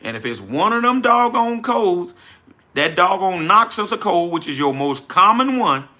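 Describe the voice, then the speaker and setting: A middle-aged man with a New Orleans accent holds a casual livestream and talks straight to his viewers. His voice is very bright and pitched a bit high, and his delivery is folksy and animated. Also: normal speed. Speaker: livestream host, trucking business owner.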